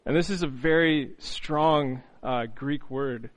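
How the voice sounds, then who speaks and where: A man preaching an earnest, reflective sermon, often pausing on "you know" and restarting phrases. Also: a little high, low-quality recording.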